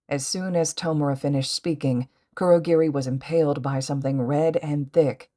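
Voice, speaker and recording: A woman reading fan fiction aloud as a podfic narrator, with steady, even storytelling. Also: sits low, unhurried. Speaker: podfic reader.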